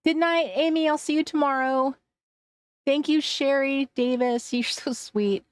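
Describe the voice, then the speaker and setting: On a relaxed craft livestream, a woman from Washington State reads out viewer comments, laughs frequently, and lets sentences trail off. She speaks at a measured pace in a high-pitched voice with fairly even intonation, and there's no room sound.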